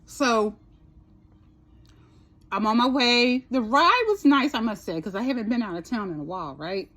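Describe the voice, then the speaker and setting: A woman's voice: on the high side, expressive, normal speed, a bit bright. A woman vlogger casually telling a personal story, chatty, swearing a little and asking "right?" often.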